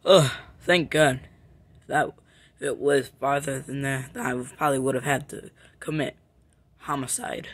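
A young performer voicing a grumpy tie-dye plush bunny with a clumsy put-on Russian accent, gruff and insulting. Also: mid-range voice, fairly even intonation, normal speed, fairly bright tone.

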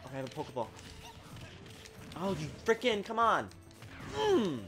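Excitable man yelling over gameplay. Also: high-pitched, normal speed, soft background music. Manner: excitable, talks at the game, swings from mutters to shouts. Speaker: gaming channel host. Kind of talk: live gameplay commentary.

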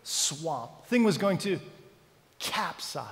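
A man's voice: a little high, lively intonation, slow pace, a bit bright. A man preaching a sermon as pastor, dramatic and full of questions to the congregation. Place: church sanctuary. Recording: church hall reverb.

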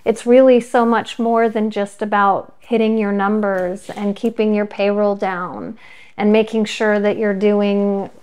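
Woman, podcast co-host, calm reflective talk, monotone, mid pitch. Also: a little slow, clean tone. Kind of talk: casual conversation.

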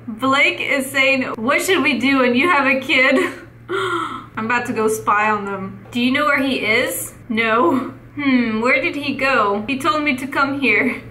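A woman's voice: high-pitched, slow, pushed and bright. A woman giving playful, teasing commentary over her gameplay, laughing often. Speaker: gaming YouTuber. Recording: echoey room.

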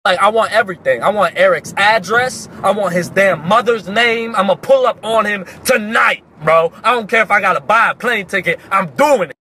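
A young man with a high voice, telling a funny story in a loose, animated way and bursting into shouts now and then. Faint city noise sits in the background behind him. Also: moderate pace, few pauses. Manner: animated, profane, jumps into sudden shouts. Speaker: comedic storyteller. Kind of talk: casual comedic storytelling.

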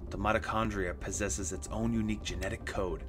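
A man voicing a gloating, eccentric older male scientist, reading his lines in a lecturing manner at a quieter level than his usual talk. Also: fairly low pitch, steady tone, a little fast, pitched below the performer's own voice, lightly acted.

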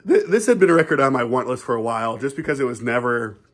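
A man with a husky voice, hosting a casual, laid-back chat about records he found. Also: medium pitch, lively intonation, quick pace. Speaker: channel host, record collector.

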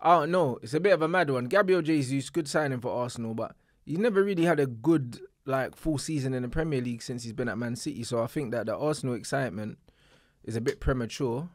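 A man co-hosting a casual podcast, level-headed and quick, giving calm takes. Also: medium pitch, dry recording, clean studio sound. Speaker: podcast co-host.

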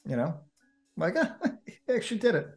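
A man with a New Jersey accent, co-hosting a casual podcast chat in an animated, chatty way with frequent restarts. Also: on the high side, normal speed, soft background music. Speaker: co-host.

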